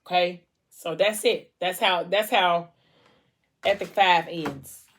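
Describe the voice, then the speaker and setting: Young woman chatting about books at home, kinda low voice, super casual and slangy. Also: takes it slowly, slight background noise. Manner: chatty, loose, full of slang and "like". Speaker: book vlogger. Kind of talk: casual book discussion.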